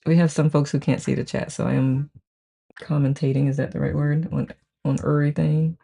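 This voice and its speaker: Gravelly, mellow live-stream host. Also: mid-range voice, level tone, fairly quick. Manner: greets each viewer by name and reads the chat aloud; chatty, gushing, frequent "I love it". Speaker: host of a live book-study group. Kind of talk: casual live-stream chat.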